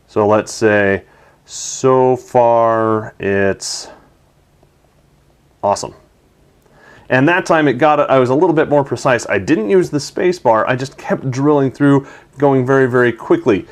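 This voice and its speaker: A man hosting a tech video, narrating a product demo in an enthusiastic, chatty way. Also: mid-range voice.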